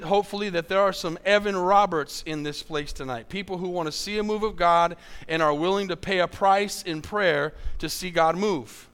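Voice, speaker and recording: A man's voice: high voice, fairly bright tone, clear, resonant tone. A man preaching a sermon as pastor, repeating key lines for emphasis and asking his congregation for amens.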